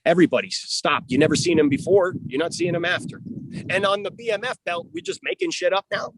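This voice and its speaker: A man's voice: high-pitched, lively intonation, fast, background noise. A man who coaches and manages a fighter, giving a heated, profane, combative rant in an interview.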